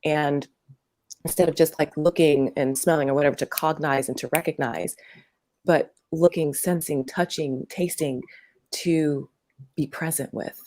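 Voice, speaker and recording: A woman interview guest who teaches workshops, talking gently in a meandering way with lots of fillers and restarts. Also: deep voice, fairly even intonation, unhurried, no room sound. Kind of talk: conversational interview.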